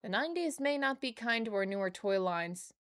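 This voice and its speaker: A woman's voice: a little high, animated, a little fast, a bit bright, no room sound, clean studio sound. A woman reading out a friendly letter from a male warehouse worker, in nearly her own voice. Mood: breezy.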